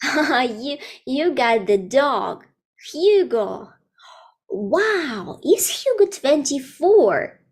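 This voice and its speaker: A young woman in her twenties runs an online English lesson for kids. She speaks slowly in a fairly high voice, laughing often and explaining words plainly. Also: sing-song, husky. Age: 20s. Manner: playful, laughs often, simple slow explanations. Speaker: English teacher.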